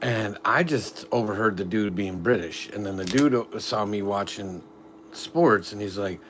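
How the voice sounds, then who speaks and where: A man's voice: fairly low pitch, measured pace, a bit bright, slight background noise. A middle-aged father chatting casually on a family live stream, a rambling storyteller full of "like" fillers.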